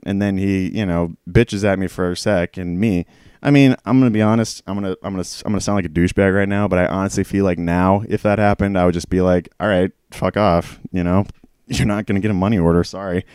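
A man with a low, resonant voice telling a story in a casual storytime rant. He swears freely and sounds exasperated as he rambles from one point to the next. The recording is dry and close, with no room sound. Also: a little mellow, dry recording. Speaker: former pharmacy store clerk telling a work story.

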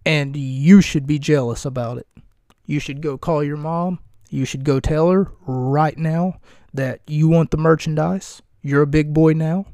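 A man hosting a solo podcast, talking slowly with a gravelly, creaky edge to his voice. His tone is mellow and a little higher than most men's. He rambles wryly, jokes at his own expense and swears freely, with a dry sound close to the mic. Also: steady tone, no room sound. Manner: wry, rambling, self-mocking and profane. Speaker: podcast host. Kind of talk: casual solo podcast recap and banter.

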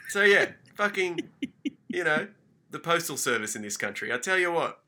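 A man on a casual podcast, telling a story as an animated, mock-furious rant. He swears freely and his tone is very bright and sharp. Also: a little high, moderate pace. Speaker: podcast co-host.

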